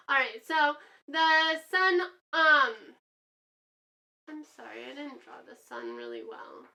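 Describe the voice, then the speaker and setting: A woman's voice: a little high, sharp tone, slight background noise. A woman teaching a lesson in a chatty way, acting out examples with many fillers. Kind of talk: classroom lesson.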